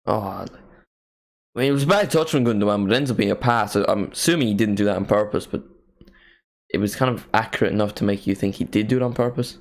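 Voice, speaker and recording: A man hosts a live match watchalong, offering casual play-by-play filled with jokey asides and excited calls. He talks fast in a fairly low voice.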